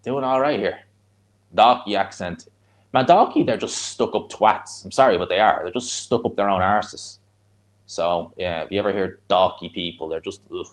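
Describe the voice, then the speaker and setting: A man with a Dublin Irish accent talks in a slightly low voice as he reacts live to a boxing fight. He chats bluntly with his viewers in between, rambling from one point to the next in a relaxed, conversational way. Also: moderate pace. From Ireland. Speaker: streamer hosting a live watch-along. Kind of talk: casual live fight commentary and chat.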